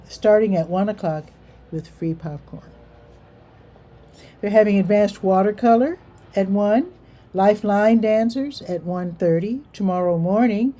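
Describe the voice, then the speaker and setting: A woman's voice: medium pitch, mellow. A woman hosting a casual community events rundown, chatting her way through a schedule with offhand asides.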